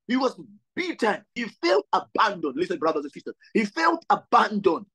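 Husky-voiced Zambian man preaching. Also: high-pitched, big pitch swings, moderate pace, pushed and bright, low-quality recording. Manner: repetitive preaching, addresses brothers and sisters. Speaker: pastor. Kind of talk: sermon.

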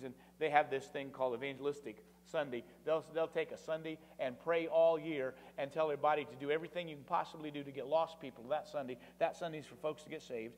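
Male preacher, higher-pitched, storytelling sermon with emphatic repeats; long church reverb. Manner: dramatic swings in volume, slow emphatic repetition. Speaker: guest preacher. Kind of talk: sermon with personal stories. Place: church sanctuary.

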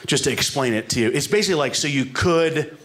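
A man's voice: on the high side, quick pace, a bit bright. A man doing a stand-up comedy set on a club stage, rambling and self-deprecating, with asides to the live audience. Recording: live club recording with room noise.

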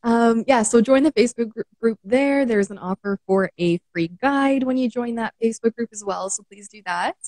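A woman's voice: fairly high pitch, normal speed, hardly any pauses, a little mellow, no room sound, low-quality recording. A woman coach with a Canadian accent, chatting casually on a live stream, laughing often and using many fillers. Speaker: mental wellness coach.

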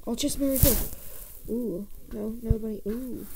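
A woman with a fairly high voice talks her way through a game, jumpy and nervous, muttering to herself and slipping into whispers. Her home recording carries a clear layer of noise. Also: fairly even intonation, normal speed. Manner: jumpy, nervous self-talk, dropping to whispers. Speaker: gameplay commentator. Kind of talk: live gameplay commentary.

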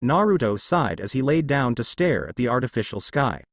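A man reads a fan fiction story aloud at a steady storytelling pace. His pitch moves in a lively, animated way, and the recording is dry and close with no room echo. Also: normal speed. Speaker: narrator.

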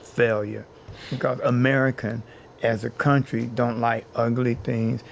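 A man's voice: mid-range voice, little pitch movement, measured pace, gravelly, slight background noise. A man being interviewed as a housing activist, telling his story in an earnest way and building his points by repeating phrases.

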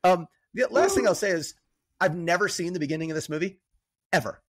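A man's voice: high voice, animated, fairly quick, husky, no room sound. A man co-hosting a movie podcast in loose, chatty talk that speeds up in bursts. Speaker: podcast co-host. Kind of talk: casual movie chat.

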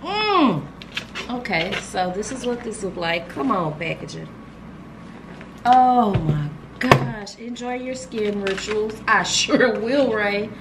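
Gushing over gifts she unboxes for her vlog, a woman chats casually to viewers on a handheld camera. She speaks at medium pitch and a measured pace, barely pausing, over background noise.

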